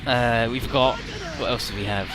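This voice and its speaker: A man's voice: medium pitch, steady tone, normal speed, music in the background. A young man hosting a let's play, rambling jokily through the story, swearing and summing up the characters. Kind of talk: casual game commentary.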